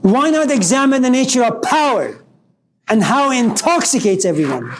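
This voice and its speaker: A man delivers a philosophy lecture in a high voice for a man. He keeps posing provocative rhetorical questions. A faint noise sits behind him. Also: sing-song, normal speed, poor audio.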